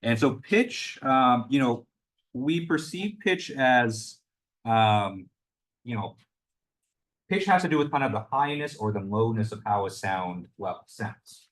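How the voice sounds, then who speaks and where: Speaking slowly in a medium-pitched, slightly bright and animated voice, a young man instructs a university lecture. His explanations are loose and hedged, peppered with fillers such as "you know" and "kind of."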